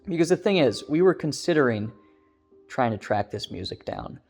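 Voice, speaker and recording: A man's voice: mid-range voice, animated, normal speed, darkish tone, faint music behind. A man telling an eerie first-person story in a casual, rambling way, full of filler words. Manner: rambling, loose, many "like" fillers.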